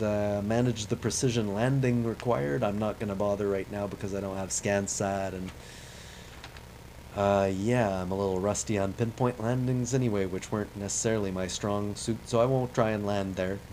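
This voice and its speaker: A man with a lowish voice talks casually over a space-flight game he is streaming. His commentary wanders and chats along, often poking fun at himself, and a faint hum of noise sits under the recording. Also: steady tone, normal speed, dark tone, rough recording. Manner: rambling, self-deprecating, chatty. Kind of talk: casual commentary while playing a space sim.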